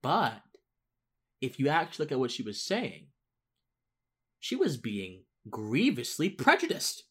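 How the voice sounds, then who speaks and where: A man's voice: on the high side, fairly bright tone, breathy edge. A man hosting a casual political monologue, rambling with restarts and rising into emphatic outbursts. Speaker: political commentary host.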